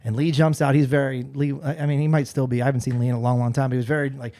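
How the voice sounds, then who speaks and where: Here the former radio personality, a man in his forties guesting on a podcast, races through a story very fast in a mid-range voice. His telling is casual and animated, full of restarts.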